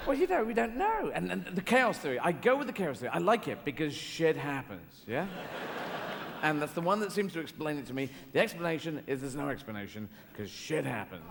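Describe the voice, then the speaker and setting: A comedian rambling through stand-up with a lively, swooping delivery and a gravelly edge to his voice. He restarts and veers off on whimsical tangents. The sound carries a long theatre echo and steady room noise. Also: a little high, brisk. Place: large theatre stage. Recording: echoey live theatre hall with ambient noise.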